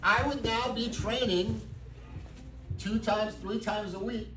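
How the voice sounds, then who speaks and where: A man's voice: sits high, fairly even intonation, slow pace. A man giving a humorous acceptance speech at a jiu-jitsu academy, telling a story with comic timing. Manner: anecdotal, comic timing, grows sincere. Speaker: black belt receiving promotion giving speech. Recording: echoey room, far from mic, noisy crowd.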